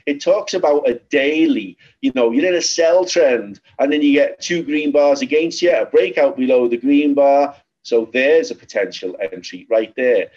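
A man with a Liverpool accent hosting a trading webinar, talking informally and repeating himself as he explains charts. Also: medium pitch. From Liverpool, England. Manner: chatty, repetitive, lively storytelling. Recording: slightly dull lo-fi webinar audio.

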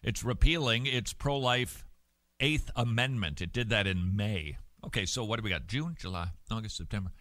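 A man hosting a Christian talk show, giving opinionated commentary in an animated, sarcastic way with jokey asides. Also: lowish voice, normal speed, dry recording. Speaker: radio host.

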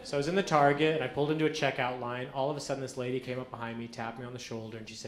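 A man performing a stand-up comedy set on a club stage, telling deadpan stories with acted-out quotes. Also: medium pitch, rapid-fire, few pauses. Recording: echoey club with audience noise. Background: audience laughter.

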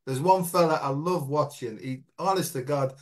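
A man's voice: on the high side, moderate pace. A man hosting a casual conversation, blunt and laughing easily, with casual swearing. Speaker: host.

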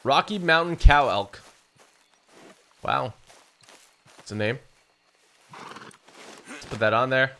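A young man giving chatty, excitable commentary while he plays a video game, often talking to his horse. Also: medium pitch, slow, long pauses, slight background noise. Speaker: gaming YouTuber. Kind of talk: let's play commentary.

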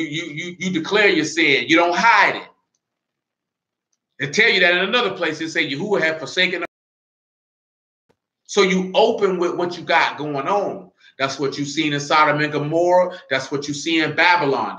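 Forceful high-voiced male preacher. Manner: emphatic, swells into shouts, blunt street talk. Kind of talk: sermon. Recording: roomy, dull lo-fi recording.

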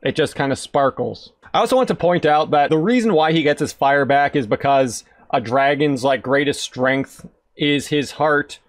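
A man streaming video games, giving sarcastic, excitable commentary that bursts into shouts. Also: fairly high pitch, no echo. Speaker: gaming streamer. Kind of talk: casual gameplay commentary.

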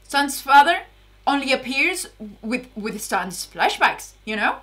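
A young woman reacting to a TV episode in casual commentary, excitable, laughing and swearing often. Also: high-pitched, unhurried. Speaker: reaction video host.

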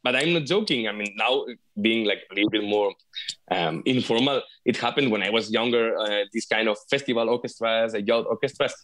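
This guest is a flute player from Spain with a Spanish accent, talking casually in an interview over video call. His voice is lowish and a bit bright, and he often halts and starts over with repeated words.

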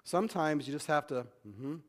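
A man's voice: a little high, lively intonation. A man pastor preaching a sermon in a conversational way, often restarting and repeating words. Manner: conversational preaching, acts out quick back-and-forth dialogue.

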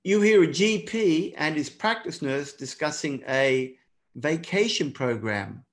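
An Australian man leads a live online exam lesson in a fairly high, bright voice. He reads the viewers' chat and praises them by name. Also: lively intonation, a little slow. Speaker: exam prep teacher.

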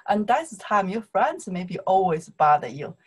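A woman with a Chinese accent and Mandarin as her first language, teaching a casual online lesson. She speaks slowly and repeats "okay?" again and again to check that her students follow. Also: medium pitch, sing-song, husky. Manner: slow, repetitive, checks in with "okay?" constantly.

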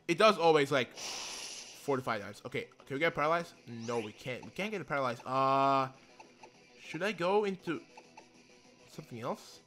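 A young man giving casual commentary while playing a video game, excitable and swearing, with many apologies. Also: on the high side, normal speed, pauses often. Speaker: let's play gamer. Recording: game music behind the voice. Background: faint game music.

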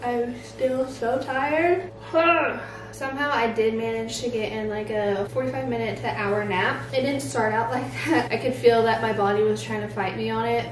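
A young pregnant woman chatting casually to a handheld camera as she runs errands and relaxes at home, full of "like" fillers. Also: on the high side. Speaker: vlogger. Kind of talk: casual vlog chat.

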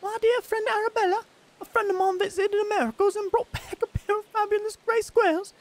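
Brief: a streamer camping up a high, affected English lady reading her letter aloud, put-on British accent, gravelly edge. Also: fairly even intonation, fairly quick. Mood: genteel, chatty. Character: prim genteel Englishwoman writing a letter.

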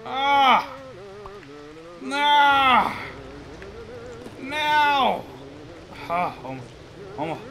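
A man's voice: extremely high pitch, very animated, drawn-out words, pauses often, sharp tone, low-quality recording. A man hosting a let's play, commenting on his gameplay and groaning in frustration as he keeps failing. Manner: frustrated, groaning and muttering at the game.

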